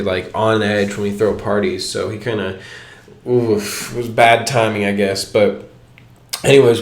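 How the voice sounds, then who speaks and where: A young man casually telling a story to camera, rambling and filling his talk with "like", laughing at his own anecdotes, recorded on an old home microphone. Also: on the low side. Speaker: vlogger. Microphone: cheap old home microphone. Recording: echoey room, old microphone.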